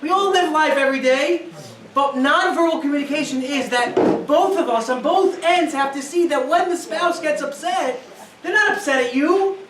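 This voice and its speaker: A rabbi giving a guest talk on family life, animated and acting out little scenes, checking in with his listeners with "right?". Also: extremely high pitch, moderate pace. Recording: echoey room, distant mic, faint noise.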